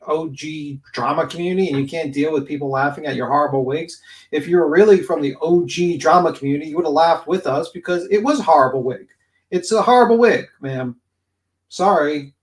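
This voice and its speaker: A man co-hosting a livestream, mocking and indignant, rambling with fillers. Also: fairly high pitch. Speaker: livestream co-host. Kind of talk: casual livestream commentary.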